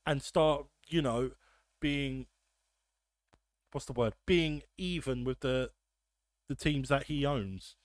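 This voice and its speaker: A man's voice: medium pitch, no echo. Podcast host, man, ranty and sweary, dry close sound. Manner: ranting, swearing, quick asides. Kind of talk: casual football chat.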